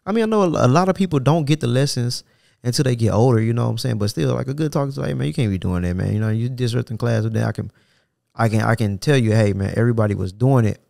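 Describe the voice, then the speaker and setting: A man's voice: mid-range voice, fast, creaky, a little mellow, dry recording, clean studio sound. A young adult man with an African American Vernacular English accent, hosting a solo podcast in a casual, profane, rambling way. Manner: casual, profane, rambling, with frequent "you know what I'm saying". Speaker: podcast host.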